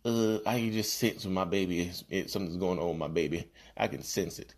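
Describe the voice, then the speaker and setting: A narcissist's mother pleads for her grown son in a hushed, deep, unhurried voice, as a man puts her on. She speaks in broken grammar and leans on guilt. The voice stays low and soft throughout. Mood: pleading.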